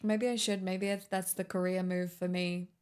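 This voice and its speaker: Sarcastic woman with a flat delivery. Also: fairly low pitch, normal speed, clean tone. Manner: sarcastic, joking. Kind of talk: casual chat.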